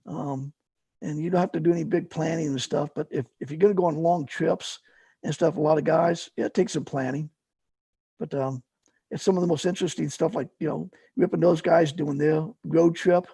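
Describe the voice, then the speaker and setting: A man's voice: fairly high pitch, fairly even intonation, moderate pace, creaky, warm tone, husky, no echo. A middle-aged man telling paramotor stories in a rambling, casual way, full of fillers and restarts. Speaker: guest, paramotor fly-in organizer. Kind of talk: casual storytelling.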